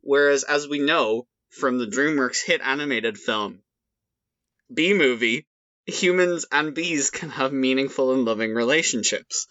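A man's voice: medium pitch, unhurried, pushed and bright, no room sound, muffled recording. An Irish man talking as a podcast guest in casual chat, rambling with wry, sarcastic humor. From Ireland.

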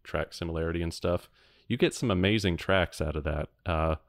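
Deep-voiced man, dry studio sound. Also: a little fast, no echo. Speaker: podcast guest reviewer. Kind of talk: casual chat.

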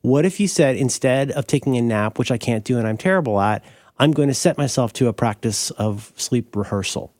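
A man co-hosting a podcast talks in a rambling, self-correcting way, often restarting his sentences. His voice sits at a middle pitch. It was recorded dry and close to the mic. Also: a little fast, a little mellow, dry recording. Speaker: podcast co-host. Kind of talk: casual chat.

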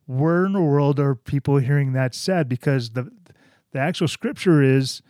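A man's voice: mid-range voice, unhurried, a little mellow, no echo, clean studio sound. Earnest male pastor discussing scripture. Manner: earnest, quotes scripture with a laugh. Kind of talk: casual chat about scripture.

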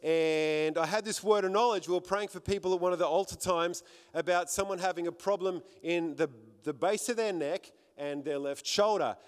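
A high-voiced male pastor preaching with fervour to a congregation. He often repeats words as he builds toward a point. His voice carries a long reverb from the church hall. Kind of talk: sermon.

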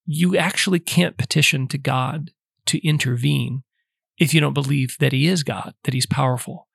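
Gravelly man giving step-by-step podcast teaching. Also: mid-range voice, steady tone, normal speed, a bit bright, no echo, studio quality. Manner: conversational, lays out numbered steps, frequent "like". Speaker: podcast host teaching on prayer. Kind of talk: casual instructional talk.

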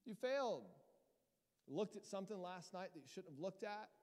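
A man preaching a sermon as pastor, lively and emphatic, rising to loud peaks as he presses his points to the congregation. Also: high-pitched, moderate pace. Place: church hall. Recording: long hall reverb.

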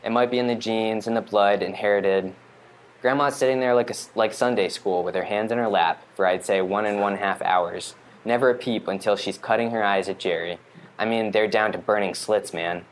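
A man with a fairly low voice reads a first-person monologue aloud. His delivery is wry and rambling. He keeps a loose, conversational flow throughout. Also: steady tone, moderate pace, slight background noise. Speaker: storyteller.

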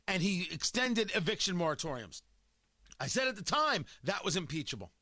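A combative male host delivers opinionated political commentary, his voice sitting high and swinging widely in pitch. He hammers points home with rhetorical questions and repetition. The sound is bright and dry, close to the mic. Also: big pitch swings, moderate pace, dry recording.

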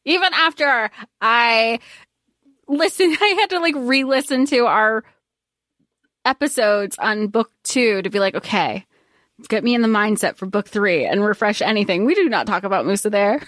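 A woman with a fairly high voice talks casually on a podcast, recapping a plot and voicing characters' lines as she goes. Her voice sounds close and dry. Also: animated, normal speed, a bit bright, no echo. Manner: conversational, acts out characters' lines while recapping. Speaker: podcast co-host. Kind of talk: casual book discussion.

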